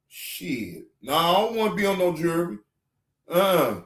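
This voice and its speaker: A man hosting a casual reaction stream, ranting in an animated, emphatic and joking way. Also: high-pitched, measured pace. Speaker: streamer host.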